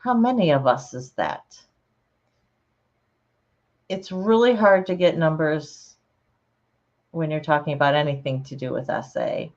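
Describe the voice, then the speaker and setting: A woman with a low, unhurried voice talks casually with her viewers, relaxed and chatty and often laughing. The sound is a little dull and lo-fi, as if it came through a home computer mic. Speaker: channel host. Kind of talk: casual livestream chat reading comments.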